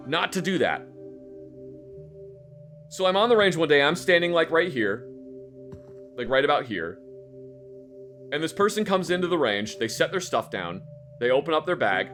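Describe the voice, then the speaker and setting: A fairly high-voiced man chats on a live stream, casual and animated. He acts out a story, swears freely and trips over his words. Faint game music plays beneath him.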